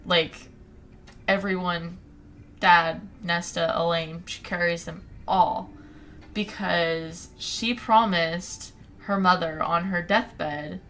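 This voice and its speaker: A woman's voice: on the low side, fairly even intonation, takes it slowly, a bit bright, a little hiss or hum. A young woman co-hosting a podcast, chatting casually as she retells a story with little quoted voices. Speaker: podcast co-host recapping a book. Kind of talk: casual chat.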